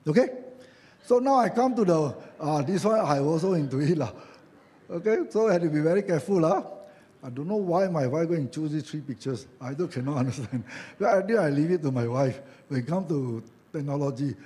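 A man's voice: on the high side, animated, brisk, warm tone. A man with a Malaysian English accent preaching a sermon as a church elder, chatty and joking, acting out quoted voices and adding tag questions.

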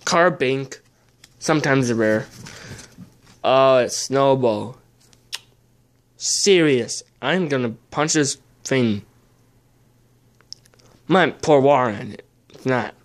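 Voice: medium pitch, takes it slowly, long pauses. A young adult host muttering casual commentary while opening trading card packs, often swearing in frustration.

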